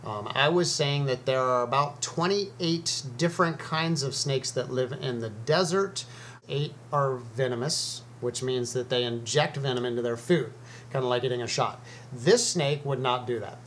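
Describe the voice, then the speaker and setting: With a little background hiss or hum, a man speaks at normal speed in a medium-pitched, slightly bright voice. He's the host of a snake video, teaching casually to camera in an easygoing, chatty style full of ums and uhs.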